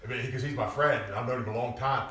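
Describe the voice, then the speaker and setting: A man preaches a lively sermon at a fast pace in a medium-pitched voice, animated, prone to loud bursts, and mimicking people. He's recorded from a distance in an echoey church hall.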